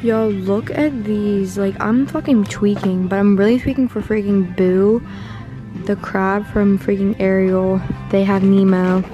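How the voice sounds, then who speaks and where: A young woman, chatting casually and excitably in a vlog, swearing freely and using slang. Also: medium pitch, measured pace, muffled recording, over music. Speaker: vlogger.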